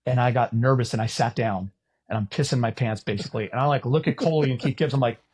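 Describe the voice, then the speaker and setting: A middle-aged man from California on a podcast, telling a story in casual chat and getting loud at the punchlines. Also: mid-range voice, fast, husky. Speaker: podcast co-host.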